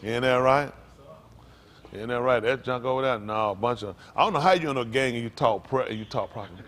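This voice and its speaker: Slight background noise sits behind this American man's medium-pitched, slightly fast preaching. He delivers informal, joking sermon talk, laughing, teasing his congregation and often asking "isn't that right?" in a lively manner.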